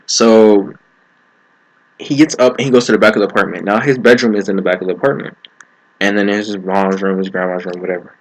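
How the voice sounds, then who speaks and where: A man's voice: fairly low pitch, fairly even intonation, fast, rough recording. A young man casually telling a personal story, slangy and often breaking into laughter. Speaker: vlogger.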